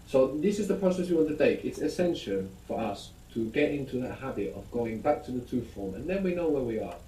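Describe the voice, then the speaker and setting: A man teaching a language lesson in a patient, explanatory way, prompting the learner with questions. His voice is mellow and soft-edged. It sounds like a recording played over a speaker, heard echoey from across the room. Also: medium pitch, expressive, fairly quick, distant mic, slight background noise.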